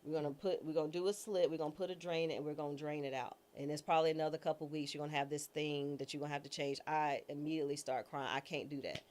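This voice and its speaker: A woman's voice: low voice, little pitch movement, racing, hardly any pauses, a little mellow. A woman judge as an interview guest, telling a personal story in a candid, slangy, self-mocking and dramatic way. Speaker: interview guest, judge and former public defender.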